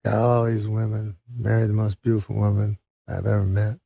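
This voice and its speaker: A man's voice: lowish voice, level tone, brisk, creaky, husky, no echo, lo-fi sound. A man doing a smug rich braggart. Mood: boastful.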